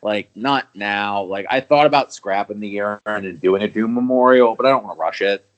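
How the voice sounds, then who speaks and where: A man's voice: on the low side, moderate pace, poor audio. A man hosting a podcast in a casual, rambling chat, swearing and restarting his thoughts often. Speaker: podcast host.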